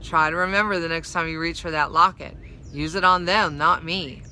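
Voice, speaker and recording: A woman's voice: fairly low pitch, steady tone, normal speed, sharp tone, a little hiss or hum. A woman reading the part of a grown male traveler who guards the children, speaking firmly with warnings. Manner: firm, warning. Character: stern protective male traveler, grown man.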